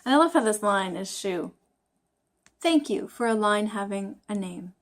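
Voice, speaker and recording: A woman chatting through her study session, loose and self-deprecating. She thinks out loud, stops and restarts, and her voice sits at an ordinary middle pitch for a woman. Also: animated, moderate pace. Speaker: language-learning vlogger. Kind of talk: casual study vlog.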